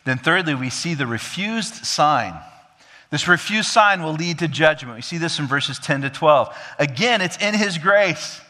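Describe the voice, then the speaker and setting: Bright-voiced preacher in a reverberant hall. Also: male voice, animated, measured pace. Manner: rises to emphatic peaks, then drops low and quiet; acts out quoted dialogue of God and king. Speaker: pastor. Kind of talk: expository sermon.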